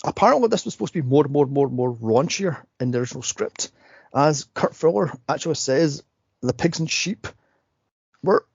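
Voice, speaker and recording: A man's voice: a little high, lively intonation, normal speed, creaky, slightly rough, no room sound, highs cut off. A man hosting a casual movie podcast, rambling and laughing often as he acts out scenes. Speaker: podcast host.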